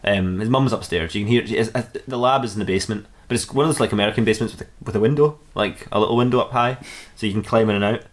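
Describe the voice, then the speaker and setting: A man's voice: fairly low pitch, very fast. A young man hosting a podcast, rambling through an improvised comic story, often restarting and giggling. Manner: rambling, self-interrupting, giggly. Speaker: podcast host.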